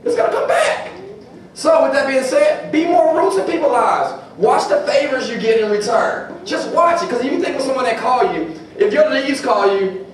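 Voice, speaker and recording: A man's voice: very high voice, sing-song, normal speed, background noise. A man giving a motivational seminar talk in a large gym, preaching and leading the room in call-and-response chants. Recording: echoey gym, from far off.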